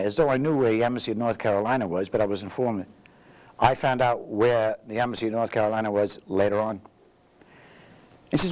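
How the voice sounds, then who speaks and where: A man's voice: on the low side, brisk, rough recording. A man, a veteran telling his story in an interview and acting out the dialogue. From the Bronx, New York. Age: 80s. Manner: lively storyteller who acts out dialogue. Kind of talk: anecdotal storytelling.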